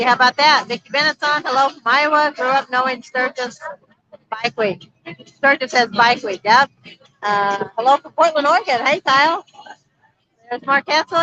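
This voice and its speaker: A high, bright-voiced woman chats casually on a live stream from a noisy street, reading out viewer comments as they come in. Her voice is captured through a phone camera and sounds dull and lo-fi. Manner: reads viewer comments aloud, chatty. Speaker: vlog co-host reading live chat. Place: busy street outdoors at a motorcycle rally. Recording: dull lo-fi livestream audio.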